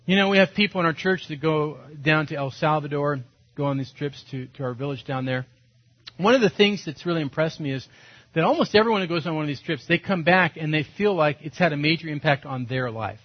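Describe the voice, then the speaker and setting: A male pastor giving a sermon, telling animated, self-mocking stories and acting out what he said and thought. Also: a little high, a little fast. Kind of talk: storytelling sermon. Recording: dull lo-fi sound.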